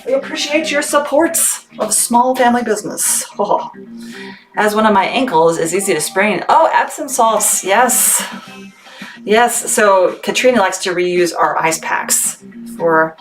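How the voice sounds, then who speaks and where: A chatty, bubbly woman who laughs often runs a casual livestream to sell goods for her small family business, packing orders in her home workspace as she talks. Her medium-pitched voice has lively intonation and a measured pace, with faint music behind her. The recording carries background noise and clicks.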